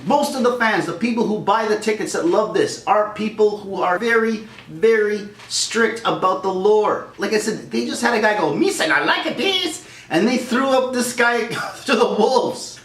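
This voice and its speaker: A middle-aged man rants with heated energy, his pitch swinging wildly as he acts out voices. His voice sits a bit high for a man. The room is echoey, the mic is some distance away, and faint noise hums underneath. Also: expressive, moderate pace. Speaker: vlogger. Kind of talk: angry rant.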